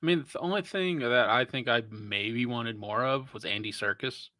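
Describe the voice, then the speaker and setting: A man's voice: mid-range voice, normal speed, pushed and bright, no room sound. A man co-hosting a film podcast, making thoughtful points in casual chat with some swearing. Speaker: podcast co-host.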